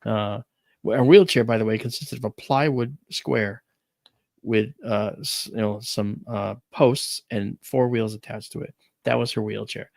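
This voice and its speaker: A man's voice: fairly low pitch, unhurried, gravelly, dry recording. A man hosting a talk stream, chatting casually and telling a family story with lots of animation. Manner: animated storyteller, acts out quoted voices. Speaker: podcast host.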